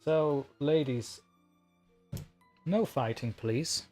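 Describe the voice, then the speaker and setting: A man's voice: on the high side, extremely slow, a little mellow, faint music behind. A man hosting a casual livestream, talking with a rambling, chatty manner and laughing often. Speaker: livestream host and story narrator.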